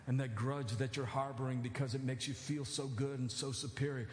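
A man preaching a sermon as pastor, animated, building to near-shouted emphasis with joking asides. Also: medium pitch, brisk, slight background noise. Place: church sanctuary. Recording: echoey church hall.

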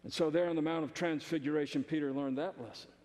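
A man's voice: fairly high pitch, fairly even intonation, fast talker, a little mellow, long reverb tail. A male pastor preaching a sermon in a church, emphatic and conversational, often repeating phrases.

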